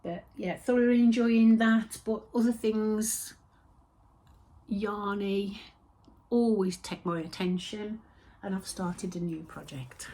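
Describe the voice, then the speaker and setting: Husky lady rambling on about her crafts, slow and easy, drops to a whisper now and then. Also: medium pitch, fairly even intonation. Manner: chatty and rambling, with soft whispered asides. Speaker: host of a knitting and spinning podcast. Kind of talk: casual chat.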